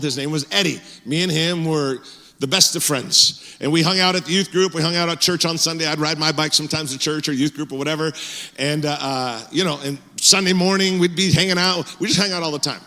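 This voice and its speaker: Bright-voiced male pastor in echoey church. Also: on the high side, a little fast. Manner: animated, conversational, frequent fillers and restarts. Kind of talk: sermon with personal storytelling. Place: church sanctuary.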